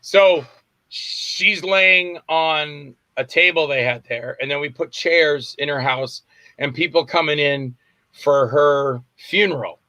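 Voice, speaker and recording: Animated man telling stories, bright voice. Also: on the high side, takes it slowly, no echo. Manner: animated anecdotes, acts out voices and shouts. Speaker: film director guest. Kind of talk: casual storytelling interview. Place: Tampa area, Florida.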